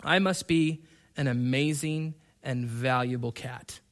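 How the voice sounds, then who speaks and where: A man, a preacher, voicing a smug, self-admiring pampered cat in a sermon illustration, speaking quietly and boastfully. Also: mid-range voice, slow, voice pushed down, close to an everyday voice.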